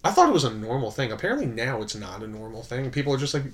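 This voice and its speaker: A man co-hosting a casual podcast chat, animated and playful, laughing often and teasing his friends. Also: medium pitch, racing. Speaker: podcast co-host.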